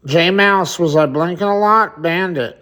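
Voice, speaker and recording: A man's voice: high voice, measured pace, pushed and bright. A man hosting a casual livestream, chatting to viewers, reading their comments aloud and swearing freely. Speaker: livestream host.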